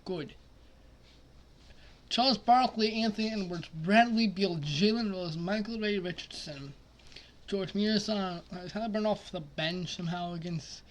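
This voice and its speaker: A man commenting casually on a basketball simulation, muttering quietly at times and then breaking into loud, excited outbursts. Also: high voice, measured pace. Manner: excitable, swings from mumbled asides to loud outbursts. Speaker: simulation gaming streamer.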